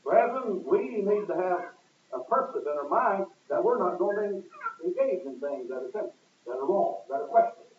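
A high-voiced man preaches a sermon, hammering each point with sudden bursts of volume and dropping low between them. The recording is thin and phone-like, and his voice echoes as if captured from across a large room. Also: big pitch swings, moderate pace. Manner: emphatic, rising and falling with sudden loud stresses. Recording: echoey, distant, tinny lo-fi recording.

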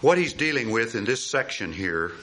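A man preaching a sermon, animated and emphatic, asking rhetorical questions and repeating key phrases. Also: mid-range voice, normal speed, slight background noise. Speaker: pastor.

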